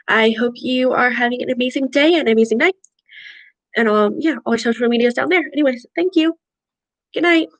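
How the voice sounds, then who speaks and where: High-voiced young woman reading aloud. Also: brisk, dry recording, poor audio. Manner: reads with slips and restarts, light character voices. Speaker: book club reader. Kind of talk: casual read-aloud of a novel chapter.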